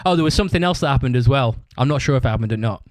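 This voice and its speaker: Casual male podcaster, sweary rambling storyteller, mid pitch, dry sound. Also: animated, racing, no echo. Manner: acts out other people's shouted lines. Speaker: podcast host.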